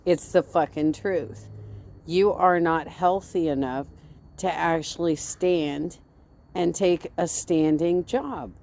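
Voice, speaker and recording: A woman with a low, dark voice rants slowly and bluntly. She swears freely and scolds her target. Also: gravelly. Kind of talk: blunt ranting commentary.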